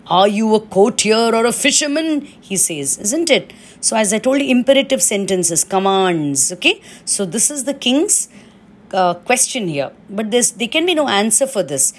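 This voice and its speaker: A woman teacher gives a recorded grammar lesson, explaining patiently and often checking in with "okay?" Her voice is medium-pitched, with a little hiss or hum in the audio.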